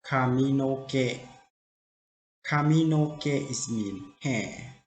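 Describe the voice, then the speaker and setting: A man teaching vocabulary in a slow drill, repeating each word carefully in simple, broken phrasing. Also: mid-range voice, a little hiss or hum. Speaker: language teacher. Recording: roomy echo.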